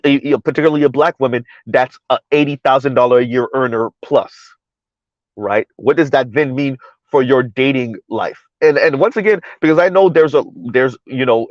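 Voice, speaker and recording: On a casual livestream, a man with a mid-range voice works through social topics and reads chat messages out loud, often repeating words. There's no room sound, and the stream audio is dull and lo-fi.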